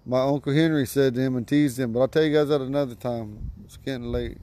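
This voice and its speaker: A man teaching vocabulary to a class outdoors at home, patiently repeating each word slowly. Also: medium pitch, steady tone, dark tone. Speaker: language teacher.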